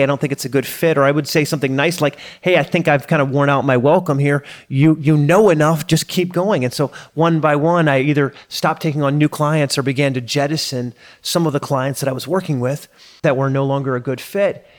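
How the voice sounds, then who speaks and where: Energetic middle-aged man coaching his audience. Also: mid-range voice. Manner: energetic, conversational, self-correcting with emphatic bursts. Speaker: business coach and community host. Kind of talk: casual motivational talk to his community.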